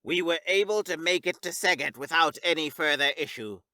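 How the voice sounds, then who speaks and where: A man narrating a scripted science fiction story in a steady, even storytelling read. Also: on the high side, fairly quick, no echo.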